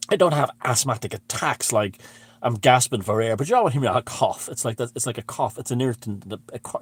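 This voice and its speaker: A man telling a story in a rambling, heavily profane monologue full of restarts. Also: medium pitch. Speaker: vlogger.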